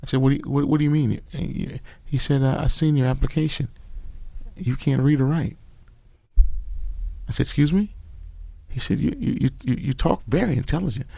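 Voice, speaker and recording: A man's voice: medium pitch, fairly quick, creaky, pauses often, warm tone, no room sound. A middle-aged man, a podcast guest telling his life story in an emphatic, preachy way. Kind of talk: casual storytelling interview.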